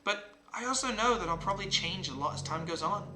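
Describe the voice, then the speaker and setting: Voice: medium pitch, expressive, a little fast, pushed and bright. A streamer reading aloud the lines of an affectionate teenage girl club president from a visual novel, in a plain half-amused delivery. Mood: tender. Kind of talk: reading game dialogue aloud. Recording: roomy with game music behind.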